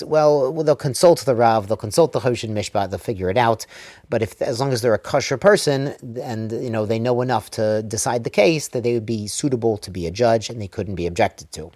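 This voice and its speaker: A man giving a relaxed daily Mishnah lesson, reading Hebrew lines aloud and explaining them in plain English. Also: mid-range voice, dry recording. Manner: casual explaining, reads Hebrew text then translates. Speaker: Torah teacher.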